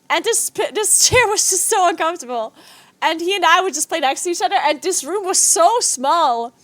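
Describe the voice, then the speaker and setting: A woman's voice: sits high, fairly bright tone, no room sound. A woman in her thirties streaming a game, chatting casually, laughing often and swearing freely. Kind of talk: casual live-stream chat.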